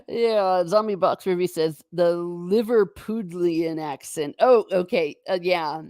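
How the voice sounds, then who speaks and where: An American woman hosts a relaxed livestream, chatting and reading viewer comments aloud while laughing often. Her voice is fairly low, slow and warm, recorded at studio quality with no echo.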